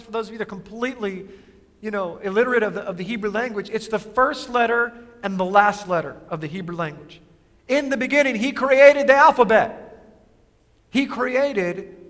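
A male pastor giving an emphatic sermon, asking rhetorical questions and alternating quick asides with slow, stressed phrases. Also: sits high, fairly bright tone, long reverb tail.

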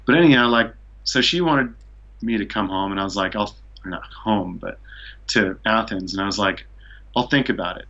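A man's voice: fairly low pitch, normal speed, pushed and bright, highs cut off. A man from Seattle telling a long travel story as a podcast guest, rambling with lots of "like" and "you know". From Seattle, USA. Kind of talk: casual storytelling.

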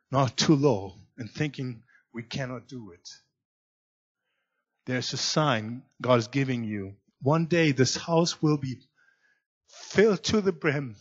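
A man preaching a sermon as guest pastor in a church, swinging between loud emphatic lines and quiet low asides. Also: highs cut off. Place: church sanctuary.

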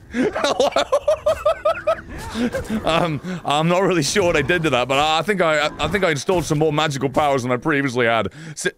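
A man giving sarcastic, excitable commentary while playing a game live on stream. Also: a little high, background noise.

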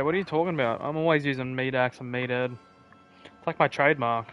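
A man's voice: medium pitch, steady tone, fast talker, a bit bright, clear, resonant tone, muffled recording, soft background music. A man with an Australian accent chatting casually on a live game stream, trading joking, defensive banter with his viewers. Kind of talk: casual live-stream chat while gaming.

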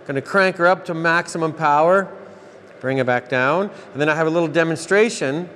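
A man's voice: fairly high pitch, fairly quick, fairly bright tone, a little hiss or hum. A middle-aged Canadian man with a Canadian accent gives a rambling, self-correcting, folksy hands-on technical explanation as a channel host.

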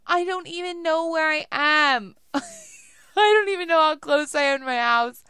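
A woman's voice: high voice, moderate pace, sharp tone, dry recording. A young woman giving casual let's play commentary, chatty and laughing often as she talks to herself while playing.

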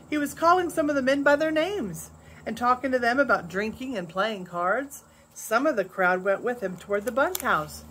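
An older woman, a grandmother, reading a storybook chapter aloud in a soft, measured way. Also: on the high side, breathy edge.

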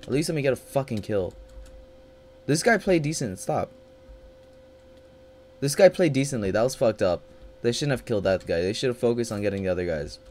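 A man's voice: mid-range voice, lively intonation, fairly quick, long pauses, darkish tone. Frantic, foul-mouthed male gamer. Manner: frantic, swears constantly, panicky yelps and angry grumbling. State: frustrated. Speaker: gaming channel host. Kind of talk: live gameplay commentary.

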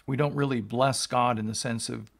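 A man's voice: medium pitch, steady tone, moderate pace, creaky. A male pastor reading scripture aloud and explaining it, in an earnest teaching tone that rises for emphasis. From United States.

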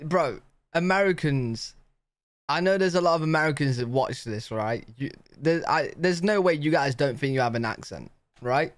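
British male reaction host, rambling casual chat, slightly high voice. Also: lively intonation, normal speed, no room sound, studio quality. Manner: chatty, rambling, says "bro" a lot.

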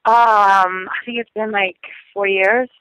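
Call-in comedian, New Orleans accent, bright and quick, dry cell-phone line. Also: female voice, mid-range voice, fairly even intonation, clean tone, dry recording. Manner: quick, wry. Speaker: guest comedian. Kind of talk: casual chat.

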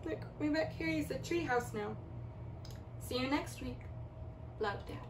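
Gentle woman reading to children. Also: high voice, measured pace, noisy background. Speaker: teacher. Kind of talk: reading a letter aloud to children. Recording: echoey room, from far off.

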